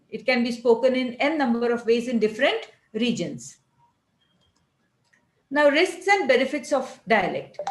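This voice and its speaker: A woman with an Indian English accent from Maharashtra gives an online college lecture. She explains things patiently, often repeating and restarting her phrases. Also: a little high. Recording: echoey room.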